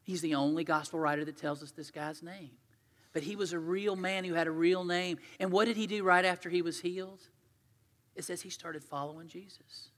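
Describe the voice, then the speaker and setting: A male pastor preaching in a conversational, storytelling way, swinging between loud emphasis and hushed asides. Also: high voice, steady tone, brisk. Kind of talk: sermon. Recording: long hall reverb.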